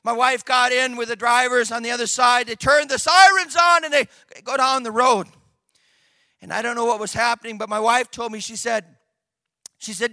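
An older man preaching a personal testimony, moving from quiet storytelling to shouted, fervent outbursts. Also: very high-pitched, moderate pace, dry recording, studio quality. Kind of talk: sermon testimony.

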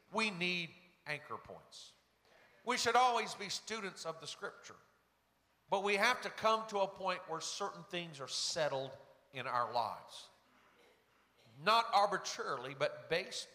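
A man's voice: sits high, pushed and bright. A man preaching a sermon, telling stories earnestly and acting out the people he quotes. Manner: earnest storytelling, quotes people in varied voices. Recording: long reverb of a large hall.

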